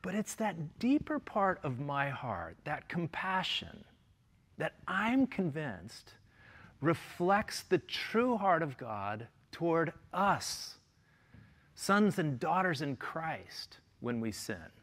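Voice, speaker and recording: A man's voice: fairly high pitch, big pitch swings, takes it slowly, fairly bright tone. A middle-aged man, a pastor preaching a sermon in an earnest way, asking his listeners question after question.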